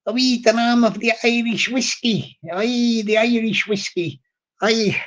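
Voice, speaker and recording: A man's voice: very high voice, steady tone, takes it slowly, fairly bright tone, heavily acted. A man voicing a chatty Irish man who is ordering tea and whiskey, in playful sing-song mimicry. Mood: jovial.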